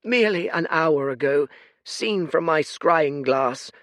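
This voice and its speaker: A man voicing an old, weary male seer whose high, quavering voice croaks and breaks. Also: animated, slow pace, a bit bright, dry recording, studio quality. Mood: weary, sorrowful.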